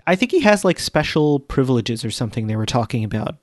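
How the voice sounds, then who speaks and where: A man's voice: mid-range voice, very animated, quick pace, dry recording. A man co-hosting a casual podcast, dropping dry quips. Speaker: podcast co-host. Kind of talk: casual chat.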